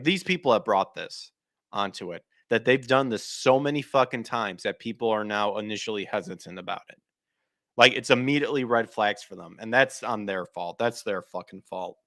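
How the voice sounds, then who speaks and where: A man hosts a podcast in a blunt, casual rant, peppering his talk with swearing. He often restarts and trails off mid-sentence as he hunts for words. His voice sits at an everyday pitch and sounds dry and close, with no room around it. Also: a bit bright, dry recording. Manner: blunt, frequently swearing, emphatic. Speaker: podcast host.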